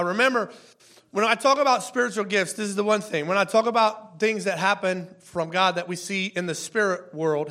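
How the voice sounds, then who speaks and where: A man's voice: high voice, a bit bright. A man in his thirties preaching a casual sermon, chatty, repeating words and asking the congregation questions. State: tearful at times. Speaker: pastor.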